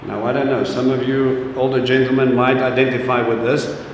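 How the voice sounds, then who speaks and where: A man's voice: medium pitch, level tone, normal speed, lo-fi sound, a little hiss or hum. A man preaching an informal sermon to a congregation, chatty and joking, often putting questions directly to the audience. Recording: echoey hall, distant mic, faint ambience.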